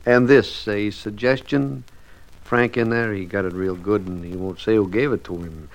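An actor playing a breezy, mock-friendly man who talks smoothly in a radio drama. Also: on the low side, steady tone, normal speed, natural voice. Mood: glib. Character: glib, breezy man, the husband's buddy.

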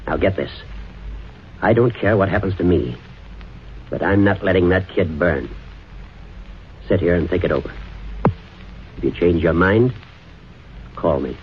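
A man's voice: sits low, expressive, unhurried, pauses often, a little hiss or hum. A man playing a stern, determined lawyer in a 1940s radio play, firm and grave. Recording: dull old radio recording.

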